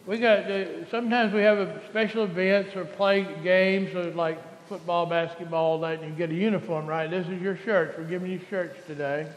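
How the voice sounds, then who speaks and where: A man's voice: high voice, fairly even intonation, normal speed, few pauses. A man leading a children's sermon as pastor, with a playful, coaxing way of talking to the kids. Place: large church sanctuary. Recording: echoey church hall, mic at a distance.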